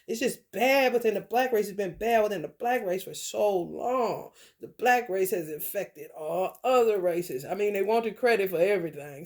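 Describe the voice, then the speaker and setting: A woman delivers a tarot reading as a loose, profane rant. She talks bluntly, loops back on her phrases for emphasis and laughs along with her own remarks, at an everyday middle pitch. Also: moderate pace, hardly any pauses. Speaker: tarot reader.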